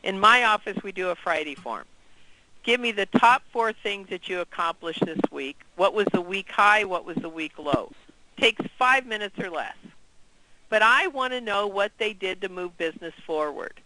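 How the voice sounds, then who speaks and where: Energetic, bright-voiced male trainer. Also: sits high, moderate pace, no echo, low-quality recording. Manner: energetic, questions the group. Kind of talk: interactive training session.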